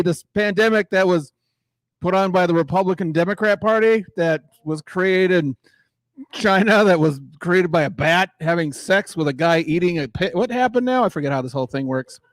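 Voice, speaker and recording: A man's voice: high-pitched, moderate pace, no echo, clean studio sound. A middle-aged man doing a crude, rambling stand-up set who laughs at his own jokes, on a mic in a small garage room. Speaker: stand-up comedian. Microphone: microphone in a garage.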